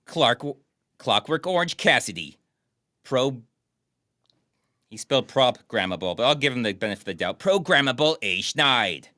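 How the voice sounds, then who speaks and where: A man's voice: medium pitch, lively intonation, normal speed, pauses often, sharp tone, no echo, clean studio sound. A man co-hosting a casual podcast, bantering and joking about a movie. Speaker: podcast co-host. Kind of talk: casual chat.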